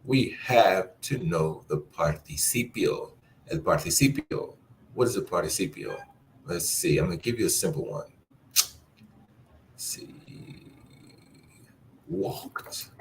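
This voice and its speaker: A deep-voiced man teaches a language class at an unhurried pace. He spells out and repeats each word so learners can say it back, with a faint ambience behind him. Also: big pitch swings, gravelly, a little hiss or hum. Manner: repeats words slowly for learners to echo. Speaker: Spanish teacher. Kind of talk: classroom lesson explanation.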